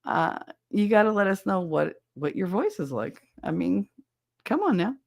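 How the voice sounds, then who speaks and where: A woman's voice: mid-range voice, sing-song, moderate pace, creaky, a little mellow, dry recording, clean studio sound. A woman hosting a podcast, chatting casually with listeners, blunt and swearing freely. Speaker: podcast host reading listener chat. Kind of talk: casual chat.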